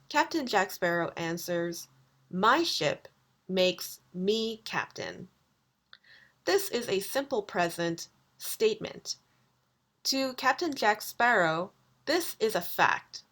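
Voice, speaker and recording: A woman lecturer giving a recorded video lesson, explaining grammar slowly and deliberately. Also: mid-range voice, fairly bright tone. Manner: slow, deliberate explanations with quoted examples. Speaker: university lecturer.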